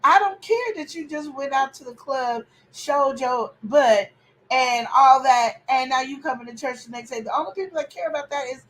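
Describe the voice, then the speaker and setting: Animated opinionated woman, casual chat. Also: sits high, normal speed, poor audio. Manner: animated, opinionated, preachy outbursts. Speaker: podcast host.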